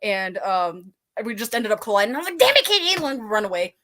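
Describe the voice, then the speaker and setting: A woman's voice: mid-range voice, lively intonation, brisk, fairly bright tone. A woman guest in a casual livestream chat, telling stories and acting out quotes, full of "like" fillers. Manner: chatty storyteller, acts out quotes, many "like" fillers.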